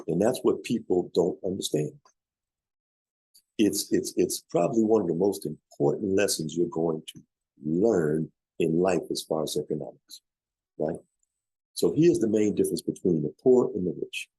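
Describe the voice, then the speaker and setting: A man's voice: sits low, lively intonation, normal speed, dark tone, breathy edge, no room sound, poor audio. A man coaching on business funding, telling a story emphatically, repeating key points and checking in with listeners. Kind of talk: motivational storytelling talk.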